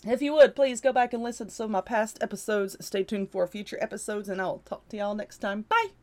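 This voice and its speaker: A woman's voice: mid-range voice, fairly even intonation, fairly quick. A tired woman hosting a casual solo podcast, chatting and giving a motivational pep talk. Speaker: podcast host.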